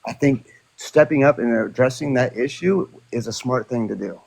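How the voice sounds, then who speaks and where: A man with a gravelly, fry-heavy voice argues politics as a livestream guest. He hesitates and restarts his sentences. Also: mid-range voice, moderate pace, a little mellow. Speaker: debate guest. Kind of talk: casual political debate.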